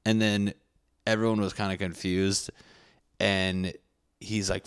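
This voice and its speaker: In a low, level, smooth voice, unhurried, a young Connecticut man recounts a school-days story for laughs. It's casual, rambling, and profane, and he keeps correcting himself, all in a Connecticut accent.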